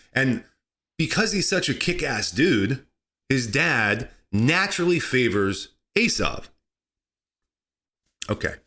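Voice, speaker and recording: A man hosting a comedy podcast, talking sarcastically and excitably, laughing at his own jokes. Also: medium pitch. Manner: sarcastic, excitable, mock-outraged asides. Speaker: podcast host.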